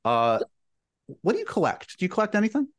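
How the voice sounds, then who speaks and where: A man hosting a casual interview podcast, asking questions with playful, quick reactions. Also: high voice, wildly swooping pitch. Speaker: podcast host.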